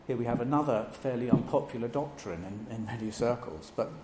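A man preaching a sermon, measured and emphatic, stressing each item in his lists. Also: mid-range voice. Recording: echoey room with faint background noise.

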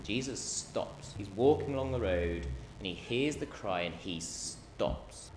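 A man's voice: fairly low pitch, expressive, a little slow. A man preaching a sermon, impassioned, acting out the cries and the crowd's voices as he goes. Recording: roomy hall echo, faint background noise.

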